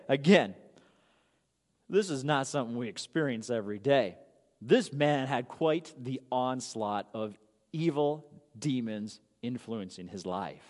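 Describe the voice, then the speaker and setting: A man preaching a sermon as pastor, telling the story in an animated way with casual asides. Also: mid-range voice, in a large hall.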